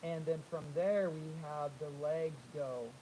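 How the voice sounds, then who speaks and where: A man demonstrates figure drawing and talks his way through each line as he sketches. He is energetic and repeats his points while he works, and a faint hiss runs under the recording. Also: on the high side, unhurried, low-quality recording. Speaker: art instructor.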